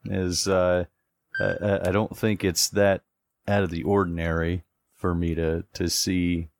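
A man's voice: deep voice, level tone, measured pace, gravelly. A man playing in a tabletop game, thinking aloud hesitantly with many restarts. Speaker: player.

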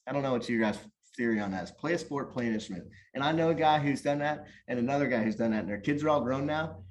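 Male, mid-pitched, animated and rambling storyteller, casual podcast chat. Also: fast talker. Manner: animated, rambling with many restarts. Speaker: guest or co-host, youth soccer coach.

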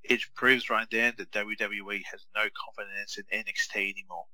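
Bright-voiced, low man. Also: level tone, brisk, no echo, rough recording. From Australia. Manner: easygoing, rambling, with many fillers. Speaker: podcast co-host. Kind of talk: casual chat.

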